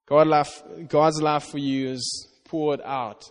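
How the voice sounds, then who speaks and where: A man preaching a sermon, reading scripture slowly and earnestly with stress on "you", often restarting his words. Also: fairly high pitch, fairly even intonation. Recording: long hall reverb.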